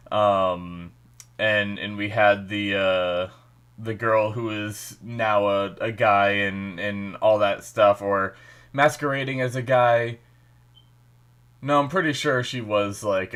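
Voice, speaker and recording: A man hosts a casual reaction video in a fairly low voice. His nose is a little stuffy. He chats and thinks aloud as the episode plays. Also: a bit bright. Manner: chatty, thinking aloud while watching.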